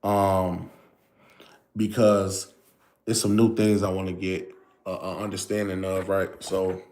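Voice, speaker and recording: A man's voice: low voice, flat delivery, slow, darkish tone, a little hiss or hum. Laid-back man hosting a livestream. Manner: loose, repetitive greetings to viewers, filler-heavy. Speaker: livestream host. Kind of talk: casual livestream talk.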